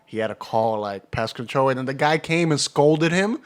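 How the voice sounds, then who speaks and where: A man's voice: medium pitch, expressive, normal speed. A man co-hosting a podcast, telling a friend's story in casual chat with fillers and laughs. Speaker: podcast co-host.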